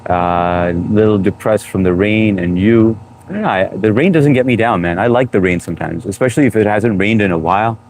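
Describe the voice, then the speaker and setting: A low-pitched man chats loosely on a live stream, greeting viewers by name. His tone is playful and teasing, and a faint background hum sits under the voice. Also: brisk, a little mellow. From United States. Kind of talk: casual live-stream chat reading comments. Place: home room, New York.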